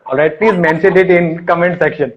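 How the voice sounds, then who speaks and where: A man hosting a live video call interview, courteous and formal, often pausing with fillers. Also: a little high, lo-fi sound. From India. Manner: courteous, polite formal phrasing, hesitant with fillers. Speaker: interview host.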